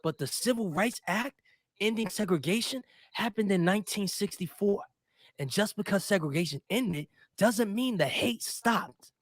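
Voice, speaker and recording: A man's voice: sits high, lively intonation, normal speed, dry recording, studio quality. A man co-hosting a commentary show, giving blunt, opinionated takes. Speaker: co-host. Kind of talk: casual commentary.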